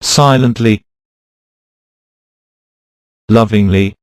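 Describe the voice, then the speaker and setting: Male narrator for a pronunciation lesson, scripted and deliberate, unhurried delivery, dead-dry close mic. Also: on the low side, dry recording. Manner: slow, deliberate, reads words out one by one. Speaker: pronunciation teacher.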